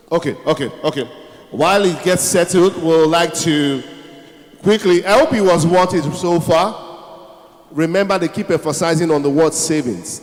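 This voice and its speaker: Man emceeing in an echoey hall. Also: a little high. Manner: rallying audience applause. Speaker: event MC. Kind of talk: live event hosting. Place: large conference hall. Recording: echoey hall, faint crowd ambience.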